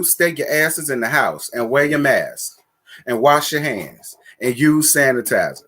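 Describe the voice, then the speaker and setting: A man hosting a casual live stream who chats with his viewers in a sassy, blunt and profane way, giving shout-outs and calling for likes. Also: medium pitch, sing-song, a little slow, slightly rough.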